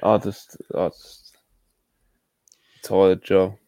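A man's voice: low voice, monotone, drawn-out words, dark tone, no echo, dull audio. A man co-hosting a casual wrestling chat, sounding weary and mumbling, with casual swearing. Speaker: co-host.

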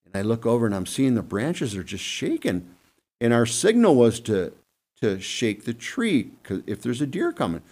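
A man telling hunting stories casually on a panel, acting out quick asides with an animated delivery. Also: mid-range voice. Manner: animated, acts out deer and buddies in quick asides. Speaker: guest hunting expert. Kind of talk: casual storytelling on a podcast panel.

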